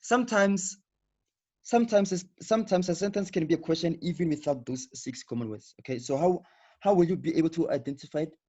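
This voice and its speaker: A man with a rather high, slightly mellow voice teaches briskly in a live online session via video call. He is patient, repeats himself and checks in with "okay" often, over dull lo-fi audio.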